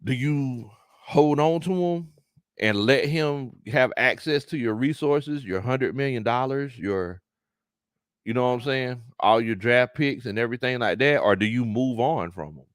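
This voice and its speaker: Hosting a casual sports livestream, a Southern US man reads chat comments aloud, repeats himself and laughs often. His voice is medium-pitched and unhurried, and the studio sound is clean with no echo.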